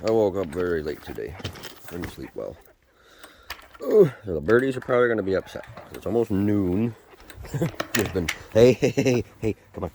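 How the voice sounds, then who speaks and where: A man's voice: on the low side, lively intonation, normal speed, pauses often, mellow, slight background noise. A man talking casually to his chickens outdoors at the coop, cooing at them and cursing when they peck him. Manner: coos to the birds in a sing-song voice, curses when pecked. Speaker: vlogger keeping chickens. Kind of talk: casual running chatter to his birds.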